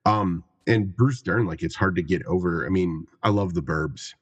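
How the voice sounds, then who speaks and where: Deep husky man chatting casually. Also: moderate pace. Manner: laid-back, profane, rambling. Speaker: podcast guest. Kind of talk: casual film discussion podcast.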